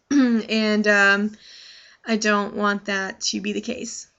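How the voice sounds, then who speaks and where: A woman's voice: medium pitch, flat delivery, slow pace, a bit bright. A young adult woman talking casually to her vlog audience, rambling with many fillers and restarts. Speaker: vlogger. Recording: dull lo-fi sound.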